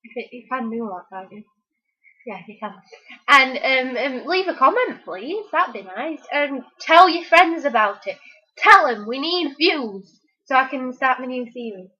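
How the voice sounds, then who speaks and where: A teenage girl rambles through her opinions in a casual chat, with lots of fillers along the way. Her voice is high and bright and swoops up and down a lot. The home recording sounds dull and lo-fi. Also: animated, measured pace, breathy edge. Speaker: interviewee.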